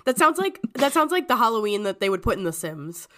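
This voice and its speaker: A woman's voice: a little high, fairly quick. A woman co-hosting a podcast in casual chat. She sounds congested from a cold and laughs often as she talks. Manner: giggly, chatty, lively. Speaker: podcast co-host.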